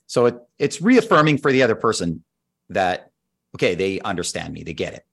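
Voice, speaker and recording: A male guest expert with a fairly low voice, laying out his points in a methodical, patient way. He sounds like a teacher talking through a framework in a relaxed exchange. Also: fairly quick, vocal fry. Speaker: guest expert on team skills. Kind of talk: explaining in conversation.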